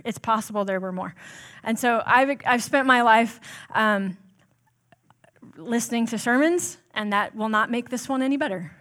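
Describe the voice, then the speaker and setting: A woman's voice: mid-range voice, fairly bright tone. Chatty, self-deprecating woman preaching. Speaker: church staff member preaching. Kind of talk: conversational sermon.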